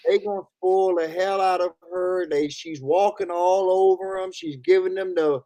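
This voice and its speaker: A man's voice: sits high, steady tone, moderate pace, warm tone, no echo. Frank man chatting on a livestream. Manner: frank, storytelling. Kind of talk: casual livestream chat.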